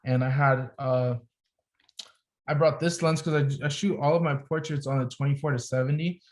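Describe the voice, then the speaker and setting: He's a young adult photographer on a podcast, medium-pitched and talking at normal speed, telling an animated, casual story full of "like."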